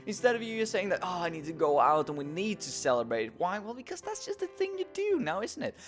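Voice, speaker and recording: A man's voice: sits high, big pitch swings, a little fast, soft background music. A young man giving tongue-in-cheek advice in a rambling, self-mocking vlog with wry asides. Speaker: vlogger.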